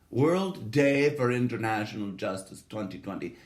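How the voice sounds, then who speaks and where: A man's voice: lowish voice, lively intonation, moderate pace. A man hosting a solo podcast, talking in a profane, sardonic, rambling monologue that keeps wandering off topic. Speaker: podcast host.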